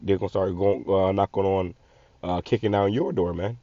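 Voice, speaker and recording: Blunt profane man, low muffled voice. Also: moderate pace, dry recording. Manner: blunt, profane, repeats words and restarts. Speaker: channel host. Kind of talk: casual commentary on a video. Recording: muffled lo-fi audio.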